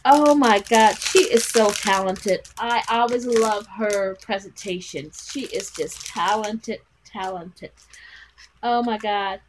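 A woman's voice: medium pitch, slow, slight background noise, poor audio. A woman vlogging from her bedroom as she unboxes a craft parcel, gushing with gasps and exclamations. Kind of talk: casual unboxing vlog. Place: at home in a bedroom.

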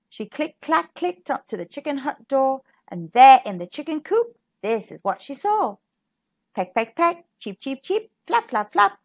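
A woman's voice: high-pitched, very animated, unhurried. A woman reading a rhyming picture book aloud to children in a sing-song, rhythmic way. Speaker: storybook reader. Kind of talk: children's storybook read-aloud.

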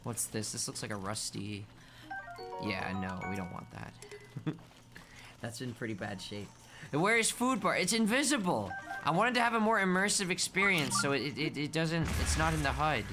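A man streaming a video game in a playful, cutesy baby-talk manner, calling himself by a nickname, with game music behind him. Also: moderate pace. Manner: swings between mumbling asides and high excited yelps. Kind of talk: live gameplay commentary.

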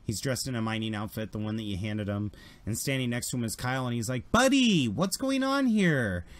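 A man's voice: fairly low pitch, steady tone, quick pace, dry recording. A man running a tabletop game as game master, describing scenes in a loose, conversational way.

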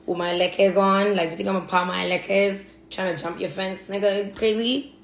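A woman's voice: mid-range voice, fairly even intonation, a little fast, creaky. A woman venting in a blunt, profane monologue, repeating herself for emphasis. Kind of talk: angry monologue rant. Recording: echoey room, faint background hum.

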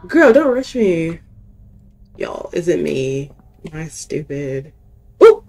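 Slow-talking self-mocking woman gamer. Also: deep voice, big pitch swings, darkish tone. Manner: self-mocking, talks to the game and viewers. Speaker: gaming youtuber. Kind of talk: casual let's-play commentary.

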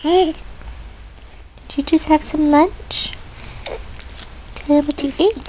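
A woman's voice: sits high, fairly even intonation, slow, dark tone, a little hiss or hum. A woman talking to her baby in a coaxing, sing-song voice while filming a home video.

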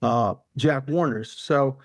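A man's voice: mid-range voice, slow, no echo, studio quality. A male author, a guest in an interview, telling a long anecdote casually with many fillers and restarts.

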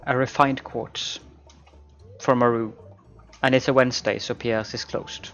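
A man's voice: mid-range voice, fairly even intonation, a little slow, a bit bright, muffled recording. A man hosting a co-op let's-play, chatting casually with dry, wry remarks.

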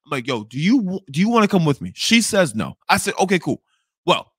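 Fast, animated young man ranting. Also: high-pitched, husky, no room sound, studio quality. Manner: animated, swearing, repeats himself when angry. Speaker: podcast host telling a story. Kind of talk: profane storytelling rant.

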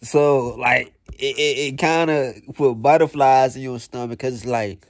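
A man's voice: mid-range voice, fairly even intonation, measured pace, no echo, studio quality. A young man vlogging in a blunt, profane, slang-heavy motivational rant that repeats itself.

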